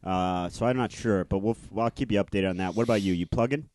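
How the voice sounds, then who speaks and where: A man's voice: fairly low pitch, fast, darkish tone. A man co-hosting a comedy podcast, teasing and playful in casual banter. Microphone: studio podcast mic.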